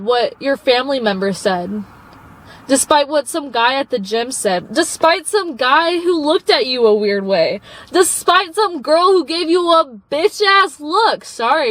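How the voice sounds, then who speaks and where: A woman's voice: high voice, rough recording. A young woman vlogger giving an earnest, encouraging motivational talk to her phone camera, calling viewers babe. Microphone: phone propped up.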